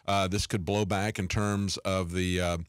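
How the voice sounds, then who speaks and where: Male host, low voice, dry sound, conversational, many fillers. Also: level tone, measured pace, smooth, dry recording. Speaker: show host. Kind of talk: interview questions and commentary.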